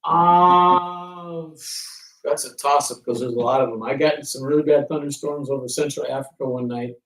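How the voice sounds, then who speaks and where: Ferry pilot telling tales to a crowd, higher male voice, animated, heard from a distance in an echoey room. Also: normal speed. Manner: animated anecdotes, acting out quoted exchanges. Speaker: ferry pilot and author giving a talk. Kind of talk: storytelling talk to an audience. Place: room with an audience.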